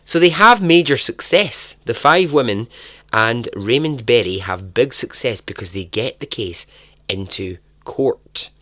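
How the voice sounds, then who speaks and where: A man, hosting a podcast and telling a true story in a casual, chatty way, breaking into animated asides and frequent laughs. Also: mid-range voice, unhurried, no echo. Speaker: podcast host.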